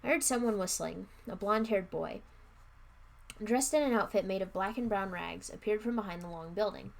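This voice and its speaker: Woman reading a kids horror book on stream, lots of vocal fry, chatty asides. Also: medium pitch, moderate pace. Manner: casual asides, plain narration with slips and restarts. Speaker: livestream book reader.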